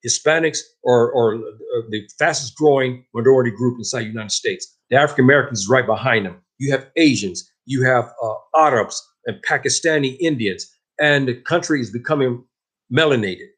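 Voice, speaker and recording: A man's voice: medium pitch, normal speed, fairly bright tone, husky. A man teaching a religious lesson in an impassioned, emphatic preaching manner. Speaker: Islamic teacher.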